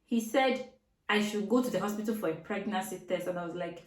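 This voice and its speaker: A woman's voice: mid-range voice, fairly quick. A woman in her twenties telling a personal story in a casual, chatty way, acting out the voices in her dialogue. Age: 20s. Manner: chatty, animated, acts out quoted dialogue. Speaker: vlogger. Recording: echoey room, from a distance.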